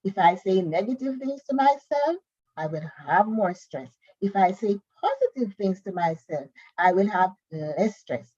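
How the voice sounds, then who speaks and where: A woman teaching a Bible school lesson, reading scripture and worksheet questions slowly and carefully. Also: medium pitch, a little mellow, no echo, lo-fi sound.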